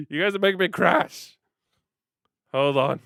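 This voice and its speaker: Guy streaming a racing game, goofy and chatty, laughs a lot, clean smooth voice, dry close mic. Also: high voice, fairly bright tone, no echo. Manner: chatty, playful, laughs often, talks to chat. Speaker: livestreamer. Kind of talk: casual gaming livestream chat.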